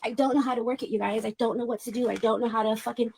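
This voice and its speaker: A woman's voice: a little high, steady tone, rapid-fire, gravelly, very noisy. A woman on a clipped livestream, ranting in a blunt, heated way, swearing often and repeating herself. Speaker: vlogger.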